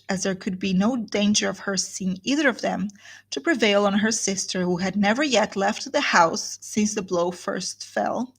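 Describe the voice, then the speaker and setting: A woman leads a live guided reading of a novel, mixing read passages with friendly explanatory asides. Her voice is slightly husky and breathy, at an ordinary middle pitch. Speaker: literature teacher.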